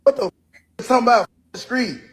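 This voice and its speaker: A man's voice: very high-pitched, huge pitch swings, fairly quick, creaky, fairly bright tone. A man in a played clip, ranting defiantly and repeating himself, tacking "boy" onto his lines. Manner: repetitive, defiant, keeps saying "boy". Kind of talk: heated ranting monologue.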